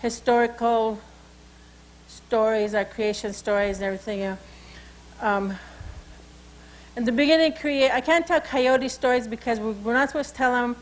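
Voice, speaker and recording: Storytelling Salish woman, higher voice. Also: fairly even intonation, normal speed, long pauses, a little hiss or hum, low-quality recording. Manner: informal, repeats "you know" and "okay". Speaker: cultural educator. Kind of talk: oral storytelling and teaching.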